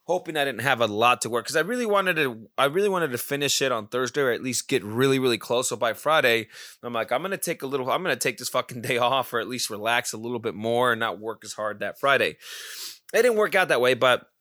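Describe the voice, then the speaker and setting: Bright-voiced man ranting casually. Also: medium pitch, fast, no echo, clean studio sound. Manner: profane, rambling, excitable. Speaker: podcast host. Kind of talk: casual solo monologue.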